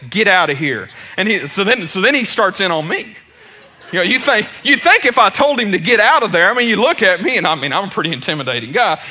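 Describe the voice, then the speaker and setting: A man's voice: high-pitched, very animated, fast talker, bright, forceful tone. A man preaching a sermon, telling a story in a casual, chatty way with many restarts and self-deprecating asides.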